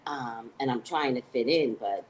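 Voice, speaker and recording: This is a casual live-stream chat from an American psychic woman hosting her own live morning show. She talks at normal speed, the audio is poor with slight background noise, and she rambles from topic to topic, cursing and joking about herself. She gets animated, her voice climbing into excited highs.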